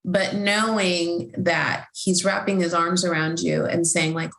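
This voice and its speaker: A woman's voice: fairly low pitch, fairly even intonation, measured pace, vocal fry, few pauses, fairly bright tone. Earnest woman in an echoey room. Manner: rambling, heartfelt, many fillers and restarts. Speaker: Christian author and podcast host. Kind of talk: casual faith conversation.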